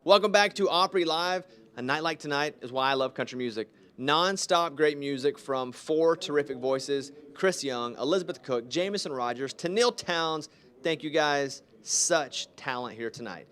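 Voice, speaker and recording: A man's voice: a little high, moderate pace, a bit bright, clear, resonant tone. A man hosting a live radio broadcast, upbeat and polished as he links segments. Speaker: radio show host.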